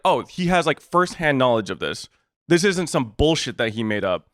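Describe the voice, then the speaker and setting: A man's voice: medium pitch, very animated, normal speed, fairly bright tone, clear, resonant tone, no echo, clean studio sound. A man co-hosting a podcast, retelling a story in casual chat, acting out both sides of the exchange and swearing in exasperation. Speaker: podcast co-host.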